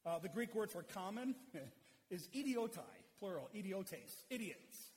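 A man's voice: sits high, animated, normal speed. A man preaching an expository sermon in a conversational, explanatory way. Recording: long hall reverb.

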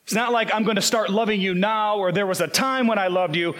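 A man preaching a sermon, earnest and emphatic, slowing down to quote scripture. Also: sits high, a bit bright.

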